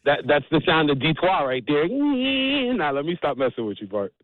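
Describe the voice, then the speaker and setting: A man's voice: a little high, very animated, normal speed, dry recording. Male radio caller, laid-back, muffled phone line. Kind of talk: phone-in call.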